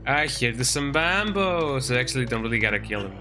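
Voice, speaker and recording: Game music plays as a young man rambles through casual gameplay commentary, breaking off to talk sweetly to his cat in baby talk. He speaks fairly quickly in a mid-range voice with lively intonation.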